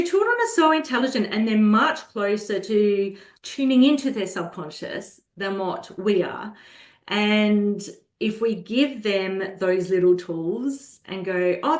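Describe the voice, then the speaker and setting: A woman guest speaking calmly and earnestly in a conversational interview about caring for children. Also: mid-range voice. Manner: calm, earnest, slows down when acting out soothing a child. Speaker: guest, children's holistic health practitioner. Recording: roomy echo.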